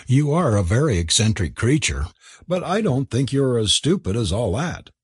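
A man voicing a brisk, stern young lady of the house who talks in a crisp, commanding way. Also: mid-range voice, sing-song, dry recording, clean studio sound. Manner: crisp, commanding, faintly amused.

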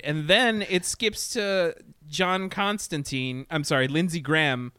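Middle-aged dude ranting about a dumb movie, swears a lot, smooth clear voice, dry room. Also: male voice, fairly high pitch, unhurried, fairly bright tone, no room sound. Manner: rambling, profane, laughing often. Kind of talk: casual movie review chat.

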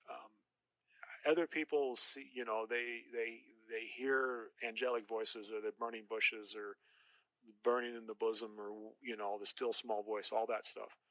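A man's voice: medium pitch, bright, forceful tone, dry recording, rough recording. A middle-aged man giving an earnest, emphatic personal testimony as a podcast guest, often repeating phrases for weight.

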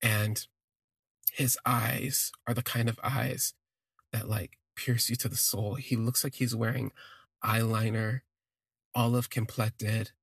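Gravelly, husky man telling a story. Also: medium pitch, level tone, takes it slowly, fairly bright tone, no room sound, clean studio sound. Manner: rambling, self-correcting, gushing. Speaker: podcast storyteller. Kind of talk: personal storytelling.

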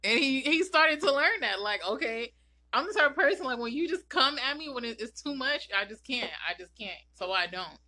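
A woman's voice: high voice, animated, moderate pace, pushed and bright. A woman co-hosting a casual podcast who talks bluntly, teases and laughs often. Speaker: podcast co-host.

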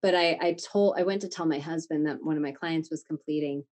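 A woman coach talking candidly in a casual podcast conversation, animated and swearing freely. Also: low voice, brisk. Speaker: guest, creative coach.

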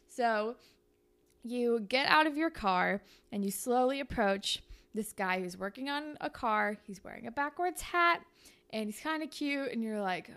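A woman's voice: a little high, animated, measured pace, fairly bright tone, smooth. A young woman co-hosting a podcast, chatting casually and making up a story on the spot, full of "like" and fillers. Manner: chatty, filler-heavy with lots of "like". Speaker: podcast co-host. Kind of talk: casual podcast chat, improvising fan fiction.

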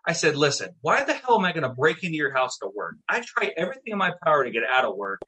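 Casting note: middle-aged man, bright husky voice, lively storyteller who swears freely. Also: fairly high pitch, quick pace. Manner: animated, swearing, acts out quotes. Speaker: guest, town mayor. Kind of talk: casual storytelling.

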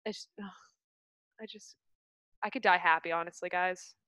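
A young woman co-hosting a podcast, gushing and excited, telling stories in long run-on sentences full of "like". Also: fairly low pitch, dry recording, low-quality recording. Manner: bubbly, gushing, fast run-on storytelling with many "like"s. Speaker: podcast co-host. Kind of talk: excited casual chat.

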